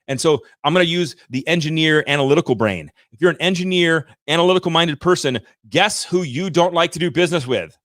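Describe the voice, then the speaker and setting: A fairly high-voiced man in his thirties coaching viewers about sales on a livestream. He talks in an energetic, emphatic rant and addresses the audience directly. The recording is dry and close, with no room sound. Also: fast talker, hardly any pauses, dry recording. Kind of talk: motivational livestream talk.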